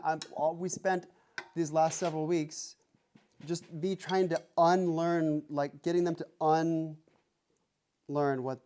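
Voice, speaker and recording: A man teaching drums in a music lesson, talking plainly and counting beats aloud as he plays. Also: on the high side. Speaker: drum teacher. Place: music room with drum kit. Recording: drums loud behind the voice.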